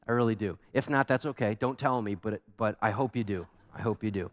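A man preaching a sermon as a pastor, animated and emphatic, asking the congregation pointed questions. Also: lowish voice, a little fast. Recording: long hall reverb.

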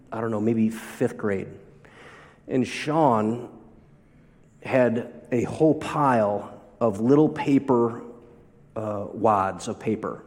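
A male pastor delivers a sermon in a mid-pitched voice, and his words ring out with the long reverb of a large hall. He moves between storytelling and rhetorical questions to the congregation. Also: a little mellow.

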